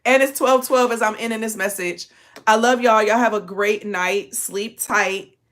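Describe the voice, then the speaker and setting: A woman's voice: fairly high pitch, a little slow, a bit bright. Sleepy, chatty, laughing spiritual woman. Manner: chatty, profane, laughs a lot, calls listeners y'all. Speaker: spiritual channel host. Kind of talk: casual late-night channeled message.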